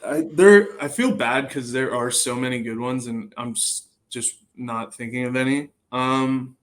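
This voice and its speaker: A young man, a guest on a podcast, chatting casually and telling lively stories that often trail off and restart. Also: mid-range voice, unhurried, poor audio. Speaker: guest, bullpen catcher.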